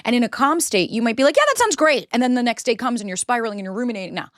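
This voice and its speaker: A woman's voice: a little high, very fast, dry recording. Blunt thirty-something woman doing a solo podcast, swears a lot, super dry mic. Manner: blunt, emphatic, swears freely. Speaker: podcast host. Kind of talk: candid solo podcast monologue.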